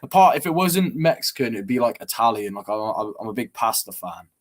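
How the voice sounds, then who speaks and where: Chatty young English racer. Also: male voice, mid-range voice, expressive, brisk. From England. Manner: chatty, rambling with restarts. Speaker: motorcycle racer guest. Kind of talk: casual interview answers.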